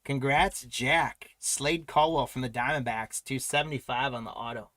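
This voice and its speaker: A man's voice: medium pitch, fairly even intonation, moderate pace, sharp tone, no echo. A man hosting a live trading card break, announcing pulls and congratulating buyers in an upbeat, chatty way.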